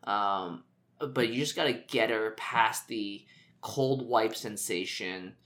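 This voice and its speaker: A podcast co-host with a lowish, slightly bright voice takes it slowly as he tells a long, rambling story in casual chat. He jokes along the way and uses lots of fillers.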